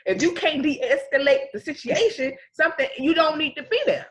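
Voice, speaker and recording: A woman co-hosting a casual podcast chat, talking in an animated way and acting out scenarios as she speaks. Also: high voice, moderate pace. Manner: animated, acts out scenarios in speech. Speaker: podcast co-host.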